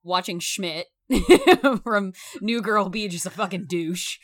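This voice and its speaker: A woman talking through a film in a casual, emphatic discussion, animated and swearing freely. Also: medium pitch, slow.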